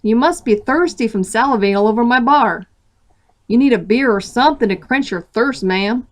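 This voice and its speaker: A rowdy, throaty bartender with a Southern US drawl, as a woman puts him on in a story reading. He hollers across the bar in a loud, high-pitched voice. The tone is brash and boyish. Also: expressive, moderate pace, natural voice. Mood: teasing.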